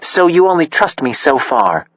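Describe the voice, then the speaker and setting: A man's voice: on the high side, lively intonation, normal speed, a bit bright, no room sound, pitched above the performer's own voice. A man voicing a wry probing policewoman. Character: probing police detective woman. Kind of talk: audiobook character voice. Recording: dull, slightly muffled.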